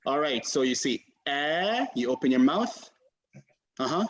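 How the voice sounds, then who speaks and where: A man's voice: mid-range voice, animated, normal speed. A man teaching a class on a video call, patient and encouraging, repeating and modeling sounds for his students. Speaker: Quran recitation teacher. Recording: muffled video call audio.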